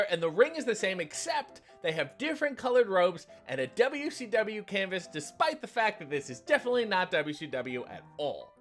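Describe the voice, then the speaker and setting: A man with a high voice hosts a comedic recap of an old sitcom episode. He tells it in a sarcastic, profane way. Quiet music plays underneath. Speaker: host.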